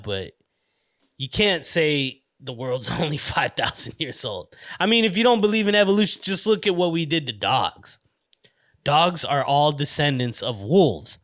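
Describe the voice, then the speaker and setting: A podcast host with a US East Coast accent rambles alone through a loose, casual, profane monologue, often breaking into laughter. His voice is fairly high and a bit bright, captured in studio quality with no echo.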